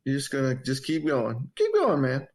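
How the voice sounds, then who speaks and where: A man co-hosting a casual podcast, teasing his partner with quick wisecracks. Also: medium pitch, huge pitch swings. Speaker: podcast co-host.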